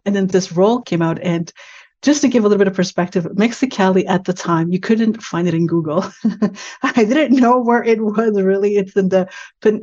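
A woman from Canada is interviewed about her working life. She tells her stories with energy and voices the lines of the people in them. Her voice sits at a middle pitch, and the recording sounds somewhat dull and lo-fi. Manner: lively storytelling, acting out quoted dialogue. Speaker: guest, HR executive. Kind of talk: interview storytelling.

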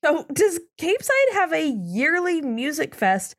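A woman's voice: high voice, measured pace, no echo, clean studio sound. A woman co-hosting a casual podcast, summarizing plot points with frequent laughter. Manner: giggly, animated, reads plot summaries. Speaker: podcast co-host. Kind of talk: casual recap chat.

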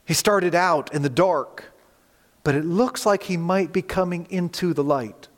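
Earnest pastor preaching in a reverberant hall. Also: male voice, fairly high pitch, a little slow. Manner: earnest, direct appeals to listeners with emphatic repetition. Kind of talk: sermon.

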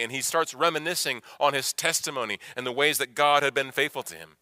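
A man preaching a sermon as pastor, emphatic, repeating phrases and swinging from hushed to loud. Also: medium pitch, a little fast, few pauses, no room sound, studio quality.

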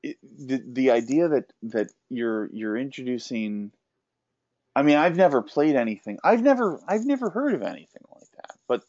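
A man hosting a podcast, speaking haltingly with many restarts. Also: mid-range voice, big pitch swings, darkish tone, no echo. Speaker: podcast host. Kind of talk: casual podcast chat. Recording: dull, dry lo-fi audio.

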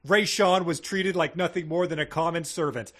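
A man co-hosting a casual podcast, retelling a book's plot and loudly acting out its quoted lines. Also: on the high side, normal speed. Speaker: podcast co-host. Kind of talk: casual chat retelling a book.

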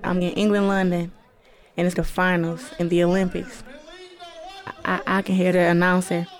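Speaking at a moderate pace into a handheld tape recorder, this teenage boxer from Flint, Michigan, United States, records a casual, reflective entry for her personal audio diary. Her voice is fairly low in pitch and level in tone.

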